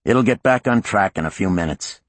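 A man's voice: fairly low pitch, expressive, normal speed, no echo, voice pushed up, close to an everyday voice. A man voicing a jaded male reporter who speaks in an offhand, weary way.

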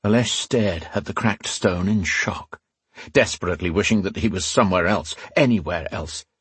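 A man narrating a fantasy story in a steady, scripted reading. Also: sits low, normal speed, slightly rough, dry recording. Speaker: audiobook narrator.

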